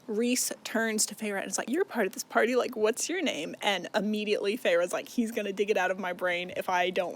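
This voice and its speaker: A man's voice: high-pitched, a little hiss or hum. A young man casually recapping a novel, rambling with lots of filler words and swearing, often laughing. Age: young adult. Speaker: book recap vlogger.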